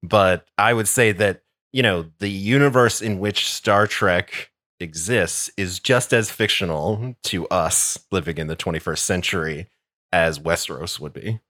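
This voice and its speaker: A man co-hosting a podcast, making measured points in casual chat with quiet laughs. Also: low voice, no room sound, studio quality. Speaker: podcast co-host.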